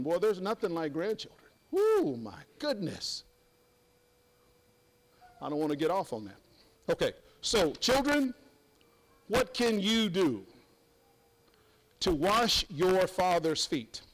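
Older male preacher, high-pitched, emphatic folksy sermon delivery. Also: very animated, unhurried, pauses often, poor audio.

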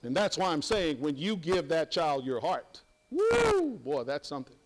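High-voiced older preacher, emphatic and folksy. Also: male voice, moderate pace, rough recording. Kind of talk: sermon.

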